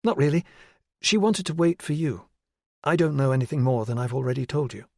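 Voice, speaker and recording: A male audiobook narrator voicing a dutiful female detective constable who gives quick, plain answers. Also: medium pitch, expressive, vocal fry, dry recording, studio quality, pitched above the performer's own voice.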